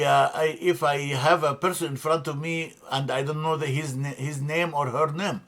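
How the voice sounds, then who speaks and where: A man teaching a grammar lesson, halting with many fillers and restarts as he spells out words. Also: on the high side, a bit bright. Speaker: language teacher.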